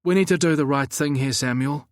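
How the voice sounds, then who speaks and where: A man voicing a calm, resolute young man who speaks in an earnest, measured way. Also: on the high side, no echo, clean studio sound, voice pushed up, natural voice.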